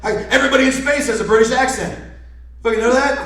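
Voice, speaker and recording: A man's voice: extremely high pitch, fast talker, fairly bright tone. A man doing a sarcastic, profane stand-up rant at a live comedy show. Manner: ranting, sarcastic, heavy swearing. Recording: echoey live room, voice from far off the mic.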